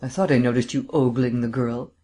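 A man's voice: medium pitch, fairly even intonation, a little fast, warm tone, close to an everyday voice. A man reading aloud as a brusque, skeptical male district attorney with an impatient, curt manner. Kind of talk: audiobook character reading.

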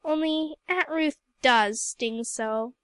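A woman's voice: sits high, takes it slowly, no room sound. A woman voicing a homesick, dreamy teenage girl who pleads and rebels, read in a storybook.

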